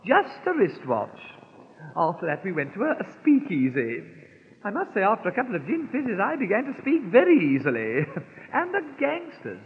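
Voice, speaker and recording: A man's voice: high voice, huge pitch swings, normal speed, full character voice. A man playing a gushing posh society lady. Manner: affected, drawling, giggly, with theatrical laughs. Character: gushing posh English society lady back from New York. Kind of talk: 1930s comic patter record. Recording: scratchy 1930s record, tinny and echoey, faint music.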